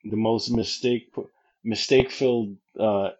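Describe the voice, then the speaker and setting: A man co-hosting a podcast, chatting casually and sometimes pausing to search for words. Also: lowish voice. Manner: relaxed, searches for words with fillers. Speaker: podcast co-host. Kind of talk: casual chat. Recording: dull lo-fi recording.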